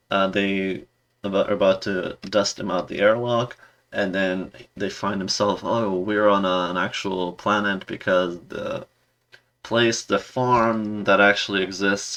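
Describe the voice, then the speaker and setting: Gravelly low-voiced sarcastic man. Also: fairly bright tone. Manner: sarcastic, exasperated, rambling. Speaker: video reviewer. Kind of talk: casual ranting review.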